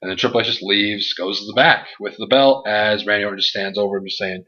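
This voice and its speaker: A young man hosting a casual wrestling review show, recapping with animated energy and acting out what people said. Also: fairly low pitch, quick pace, few pauses, dull audio. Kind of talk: casual chat.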